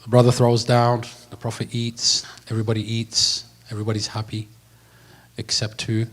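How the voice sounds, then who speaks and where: A man giving a sermon, telling a story and talking in a relaxed, slangy way. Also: fairly low pitch, normal speed. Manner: lively storyteller, slips into slangy voices for quoted characters. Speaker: preacher.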